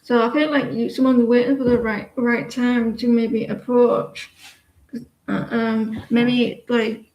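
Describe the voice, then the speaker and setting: A woman in her forties, a tarot reader, gives a live-stream tarot reading mixed with casual chat, rambling with lots of fillers and restarts. Her voice is a little high, with little pitch movement and a slow pace. The lo-fi sound has an echoey room and a little hiss or hum.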